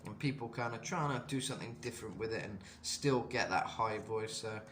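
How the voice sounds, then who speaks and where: A man's voice: on the low side, a little fast, fairly bright tone, roomy sound, slight background noise. A man giving a casual singing lesson and explaining vocal technique in loose, rambling talk full of fillers. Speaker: vocal coach.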